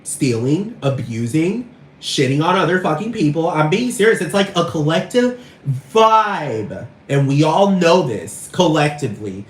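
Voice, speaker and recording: A man ranting in a rambling, repetitive and profane casual monologue. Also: a little high. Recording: echoey room, far from mic, faint noise.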